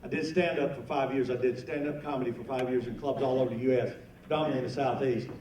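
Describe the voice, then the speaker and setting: A man's voice: medium pitch, fairly even intonation, fast talker, a little mellow, distant mic. A man in his fifties from North Carolina with a Southern US accent, doing folksy stand-up comedy at a luncheon. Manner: folksy, joking storyteller. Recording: echoey hall mic from afar, noisy.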